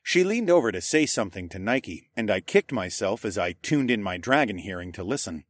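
A man reads a first-person story aloud in a steady, even way. His voice sits low and sounds close and dry, with no room around it. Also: fairly quick, no room sound. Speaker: audiobook narrator. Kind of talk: scripted first-person narration.

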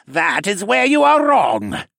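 A cruel, scheming courtier with a snake's hiss and a high, sneering voice, done by a man reading a story aloud. He talks down to everyone. The tone is gravelly and a little husky, and it sits close and dry. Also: wildly swooping pitch, takes it slowly, pushed and bright, no echo, exaggerated voice.

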